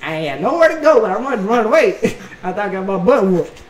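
A man hosting a reaction video, telling a story in a casual, animated, slangy way and saying bro a lot. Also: high-pitched, quick pace, crowd noise. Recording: echoey room, mic at a distance, faint noise.

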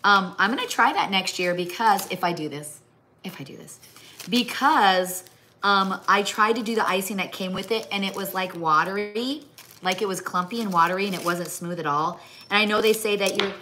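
A woman's voice: medium pitch, normal speed, pushed and bright, slight background noise. A middle-aged woman from the American Midwest chatting casually on a livestream while she crafts, rambling and breaking off to talk to her pets. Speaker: livestream host. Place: home kitchen or craft table.

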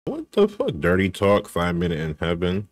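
A man joining a stream by call, bantering casually and laughing at the chat in a slow drawl. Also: deep voice, wildly swooping pitch.

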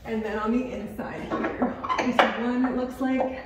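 A woman with a slightly high, fairly even voice speaks a little slowly, thinking aloud practically and a bit out of breath as she repairs furniture in her woodworking shop. Her casual commentary sounds dull, echoey and buried in loud background noise.

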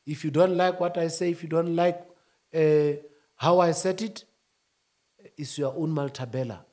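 A man speaking as a union-leader guest, emphatic, rising to shouts and then dropping low. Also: fairly even intonation, moderate pace. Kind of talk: animated interview talk.

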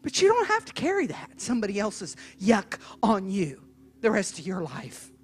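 A woman evangelist preaching a sermon as a dramatic story, swinging from hushed telling to emphatic shouting. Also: medium pitch, huge pitch swings, moderate pace.

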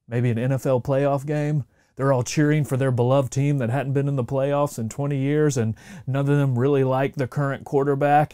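A middle-aged pastor delivers his sermon in a relaxed, conversational way, now and then slipping into the voices of the people he describes. His voice sits fairly high for a man yet sounds mellow and warm. The recording is dry and close. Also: no room sound. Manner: conversational preaching, acts out quoted voices. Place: church sanctuary.

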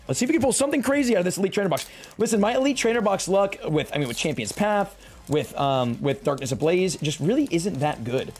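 A young man excitedly opening card packs on a live stream, joking and talking slangily to his chat. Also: on the high side, vocal fry, husky. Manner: hyped, jokey, talks to chat, slangy.

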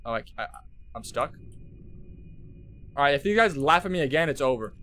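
A young man streaming a horror game, jumpy and swearing, talking to his chat and shouting at those who laugh at him. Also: fairly high pitch, lively intonation, normal speed. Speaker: gaming streamer. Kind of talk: live horror game commentary. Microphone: headset.

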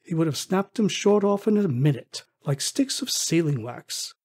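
A man narrating an audiobook with expressive storytelling. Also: fairly high pitch, normal speed, slightly rough.

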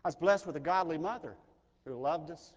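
A middle-aged pastor from Mississippi, preaching an earnest, personal sermon that swells in intensity. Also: male voice, on the high side, a little fast, dull audio. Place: large chapel. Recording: chapel recording with long reverb.

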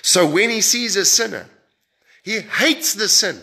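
A man preaching a sermon in an emphatic way, with sudden rises and drops in pitch and loudness and frequent repeated words. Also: animated, a little slow, vocal fry.

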